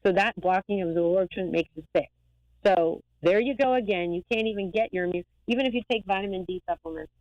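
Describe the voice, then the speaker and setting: A woman eye doctor talking as a guest in a lively, rambling, emphatic way. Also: mid-range voice, quick pace, no echo, highs cut off. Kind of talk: casual interview talk.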